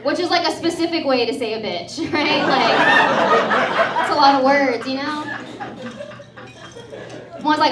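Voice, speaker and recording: A woman's voice: sits high, moderate pace, pauses often, very noisy. A woman in her thirties from Texas doing a chatty, sarcastic stand-up comedy set and laughing at her own jokes. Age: 30s. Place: comedy club in front of a live audience. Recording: roomy club sound from a distant mic, audience laughter. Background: crowd laughing and cheering.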